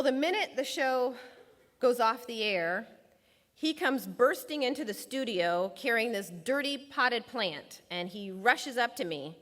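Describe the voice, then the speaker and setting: A woman's voice: a little high, a bit bright. Storytelling woman in a reverberant hall. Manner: vivid storyteller who acts out quoted dialogue. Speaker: speaker recounting her time as a lawyer. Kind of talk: storytelling public talk.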